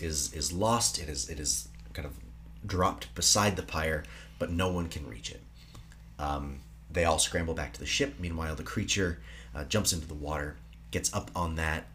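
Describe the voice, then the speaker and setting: A man co-hosting a casual film podcast, retelling the plot dramatically and dropping to soft whispers. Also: very deep voice, slight background noise. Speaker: podcast co-host.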